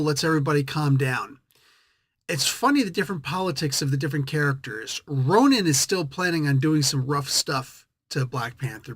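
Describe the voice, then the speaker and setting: A man's voice: on the high side, a bit bright, no echo, clean studio sound. A man hosting a casual comic book review, rambling and correcting himself as he thinks aloud.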